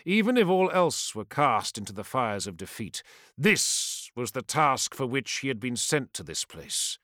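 A man narrates a dark fantasy audiobook in a theatrical, building voice. His pitch swings lively and his tone is bright and forceful. The sound is close and dry. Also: unhurried, no room sound. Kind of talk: scripted dramatic fantasy narration.

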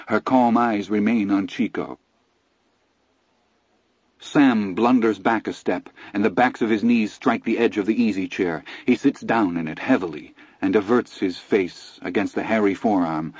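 A man narrating a novel aloud in a measured, even storytelling delivery. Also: lowish voice, breathy edge, dry recording, dull audio. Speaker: audiobook narrator. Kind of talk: scripted narration.

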